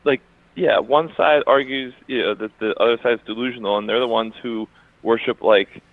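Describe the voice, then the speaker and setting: A man's voice: medium pitch, fairly even intonation, normal speed, dry recording, phone-quality sound. A male guest on a casual livestream chat who talks loosely, hedging with "like" and "you know".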